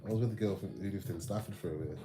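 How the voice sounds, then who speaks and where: A man chats with his viewers, loose and full of swearing and slang. Music plays clearly behind him throughout. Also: low-pitched, very fast, rough recording. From England. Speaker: livestream host. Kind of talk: casual livestream chat with viewers.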